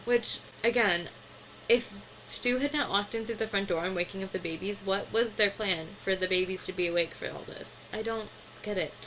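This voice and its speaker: A woman's voice: medium pitch, normal speed, a bit bright, slight background noise, rough recording. A young adult woman giving a casual, chatty recap of a cartoon episode, full of fillers and small laughs.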